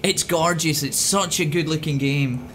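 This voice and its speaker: Crude, excitable high-voiced gamer. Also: male voice, unhurried, a little hiss or hum. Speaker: let's play host. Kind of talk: profane gameplay commentary.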